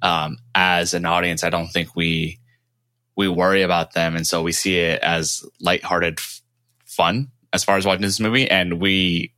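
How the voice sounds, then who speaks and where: A man co-hosting a podcast, talking about a film in a measured and agreeable way. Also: low voice, flat delivery, sharp tone, no room sound. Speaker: podcast co-host. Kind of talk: casual film discussion.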